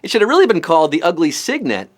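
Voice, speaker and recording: A man's voice: on the high side, very animated. A man hosting a live trivia show, firing off puns and jokes between the questions. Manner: punny, jokey, fast-talking quizmaster. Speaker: quiz show host.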